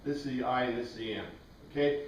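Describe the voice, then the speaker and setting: A man's voice: mid-range voice, quick pace, slight background noise. A man teaching a Bible class, explaining step by step and putting questions to his students. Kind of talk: classroom lecture. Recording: roomy sound from a distant mic.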